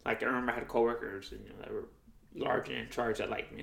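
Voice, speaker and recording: Speaking very fast in a gravelly, medium-pitched voice, a young man spins stories in casual conversation. He's animated and profane, full of slang, and performs the voices of the people he quotes, all in a room with noticeable echo.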